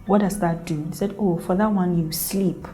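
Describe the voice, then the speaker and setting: Young woman from ghana, kinda low mellow voice, telling her birth story all earnest, soft music behind. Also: steady tone, normal speed. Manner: earnest, emotional retelling with quoted voices. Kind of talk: personal storytelling.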